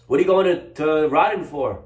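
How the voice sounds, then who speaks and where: A man's voice: a little high, animated, brisk, reverberant, close to an everyday voice. A man playing a humble old saintly rabbi. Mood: gentle. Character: elderly saintly humble rabbi, gentle and calm.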